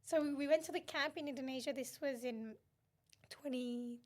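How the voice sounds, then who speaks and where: High-voiced woman telling her story lively. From Myanmar. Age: young adult. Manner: animated storytelling, quick laughs, acts out quotes. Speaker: guest, human rights activist. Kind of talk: conversational podcast interview.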